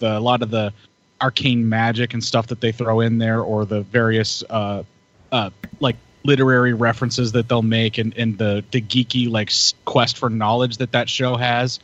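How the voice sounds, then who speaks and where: A man's voice: mid-range voice, fairly bright tone. Hyped, laughing man in casual chat. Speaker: podcast co-host. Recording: muffled lo-fi audio.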